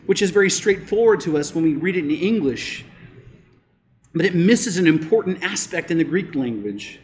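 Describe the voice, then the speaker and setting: A pastor preaching a sermon, emphatic, rising to loud declarations and dropping to quiet asides. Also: male voice, fairly high pitch, lively intonation, normal speed.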